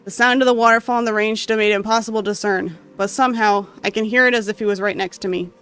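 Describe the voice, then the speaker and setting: Smooth, emotional game reader. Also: medium pitch, racing, faint music behind. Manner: emotional, expressive reading with asides. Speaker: gamer reading a visual novel aloud. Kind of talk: dramatic reading of game text.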